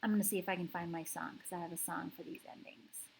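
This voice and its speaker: A woman's voice: on the low side, steady tone, fast, vocal fry, a little hiss or hum, rough recording. A woman teaching a language lesson, explaining step by step with patience and repeating words so learners can say them along. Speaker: French teacher.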